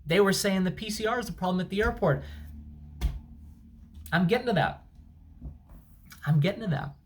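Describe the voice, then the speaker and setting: A man's voice: sits high, lively intonation, normal speed. A man, a travel vlogger, telling an angry, sarcastic, emphatic story at home. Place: at home, indoors. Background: dryer and washing machine running.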